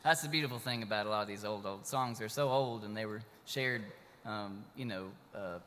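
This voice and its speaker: Man, lowish bright voice, rambling hesitant stage talk, hall echo, faint noise. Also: fairly quick. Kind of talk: casual on-stage chat. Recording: live stage in a reverberant hall.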